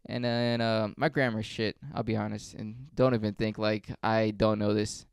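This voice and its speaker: A man hosting a podcast, telling stories in a rambling, profane, deadpan way on a close mic. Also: lowish voice, moderate pace, vocal fry, clean tone, no echo. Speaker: podcast host. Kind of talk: casual storytelling.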